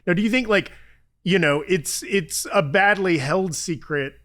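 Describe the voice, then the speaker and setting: A man's voice: sits high, a little slow, fairly bright tone. Questioning man co-hosting a rumor show. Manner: musing, asks lots of questions. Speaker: co-host of a movie rumor show. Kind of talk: casual podcast chat.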